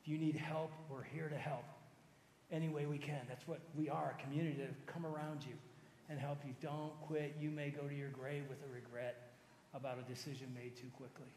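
A middle-aged man preaching a sermon, telling personal stories, moving from loud emphatic lines to soft low ones. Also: little pitch movement, a little fast, slight background noise. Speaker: pastor. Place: large church sanctuary. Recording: roomy hall reverb.

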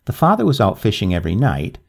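Gravelly-voiced male storyteller. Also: on the low side. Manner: measured, expressive reading. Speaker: narrator. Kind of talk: storybook narration.

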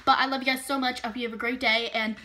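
Bubbly woman beauty vlogger, high voice, chatty and dramatic, faint hiss behind. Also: level tone, rapid-fire. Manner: bubbly, dramatic reactions, lots of "like". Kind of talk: casual haul video chat.

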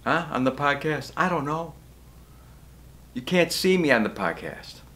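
A man's voice: on the high side, very animated, measured pace, bright, forceful tone, a little hiss or hum. A man vlogging straight to camera about his podcast, emotional and imploring, raising his voice now and then. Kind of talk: casual direct-to-camera vlog. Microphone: camera facing him.

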